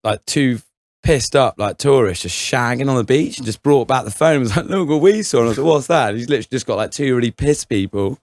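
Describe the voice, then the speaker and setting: A young man spins a loose, rambling story for his podcast co-hosts. His voice sits at a middle pitch and the sound is dry and close. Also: quick pace, dry recording. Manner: rambling anecdote with fillers and laughter. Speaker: podcast co-host. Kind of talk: casual chat, storytelling.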